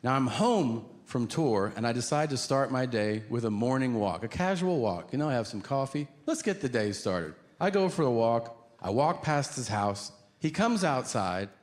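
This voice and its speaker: A man doing stand-up storytelling on a live stage, profane and incredulous, with deadpan punchlines. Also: medium pitch, moderate pace, hardly any pauses. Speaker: stand-up comedian. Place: live comedy stage before an audience. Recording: noisy live stage recording.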